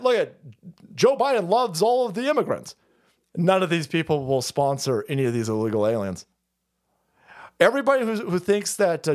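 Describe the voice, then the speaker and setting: Man, streamer, profane mocking rant, high voice, very animated. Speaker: streamer host. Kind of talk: ranting political commentary stream.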